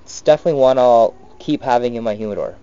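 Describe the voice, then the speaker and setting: A man's voice: medium pitch, fast talker, mellow, clear, resonant tone. A young man co-hosting a casual cigar review, talking loosely with many fillers. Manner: loose, filler-heavy speech. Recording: dull lo-fi sound.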